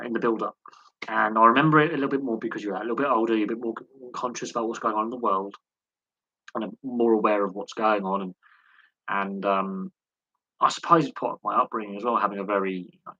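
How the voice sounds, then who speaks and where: A man hosting a live sports Q&A, telling rambling anecdotes with lots of restarts and animated quoted dialogue. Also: fairly low pitch, husky, no room sound, lo-fi sound. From United Kingdom. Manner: rambling storytelling with frequent restarts and animated quoting. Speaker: host of a sports channel. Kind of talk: casual live Q&A chat.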